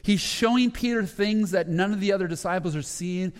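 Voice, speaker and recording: A man preaching a sermon as pastor, telling the story conversationally with frequent restarts and dips into lower quoted voices. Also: a little fast, long reverb tail.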